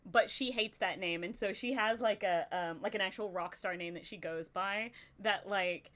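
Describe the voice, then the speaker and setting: A woman's voice: medium pitch, normal speed, fairly bright tone. A young woman co-hosting a live stream, chatting casually with a rambling flow and many fillers. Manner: rambling, lots of filler likes. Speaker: podcast co-host.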